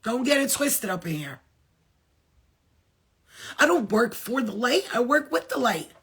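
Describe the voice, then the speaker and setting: Woman healer preaching at the camera, husky breathy voice, swears a lot, hammers her points home. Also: on the high side, big pitch swings, unhurried, a bit bright. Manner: blunt, emphatic, swears freely; preachy, repeats phrases for emphasis. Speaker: spiritual healer. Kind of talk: impassioned spiritual talk to viewers.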